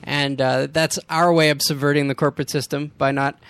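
A man's voice: fairly high pitch, level tone, fairly quick, fairly bright tone, smooth, dry recording. A man co-hosting a community radio music show, wry and sardonic, laughing as he riffs on the news. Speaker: radio co-host. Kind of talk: casual radio banter.

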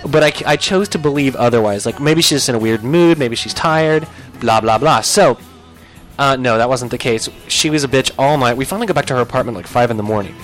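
A young man telling a comic story on a podcast, animated and profane, jumping into loud yelps when he acts out his own lines. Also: medium pitch, a little fast, soft background music.

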